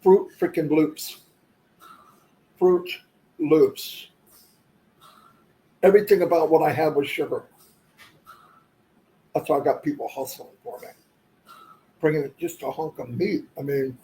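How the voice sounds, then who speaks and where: A man's voice: fairly high pitch, normal speed, pauses often, mellow, low-quality recording. A man chatting casually on a livestream, rambling and losing his thread, often moving on with "anyway". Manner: says "anyway" often to move on. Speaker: livestream host.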